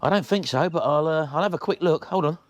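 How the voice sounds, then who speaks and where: Brief: cheerful teasing man, slightly high, dry close sound. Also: fast talker, no room sound. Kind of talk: comic phone call.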